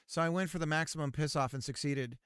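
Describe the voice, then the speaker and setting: A male streamer chatting casually with a high, clear and resonant voice. He rambles through his stories with a sarcastic edge. The close mic sounds completely dry. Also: fast talker, fairly bright tone, no room sound. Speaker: game dev streamer. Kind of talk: casual live-stream chat.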